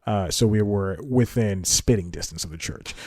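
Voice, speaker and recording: Guy rambling thru a story on his podcast, lowish mellow voice, keeps fixing himself, dry sound. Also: normal speed, dry recording. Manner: rambling, self-correcting, chuckling asides. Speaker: podcast host. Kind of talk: casual comedic monologue.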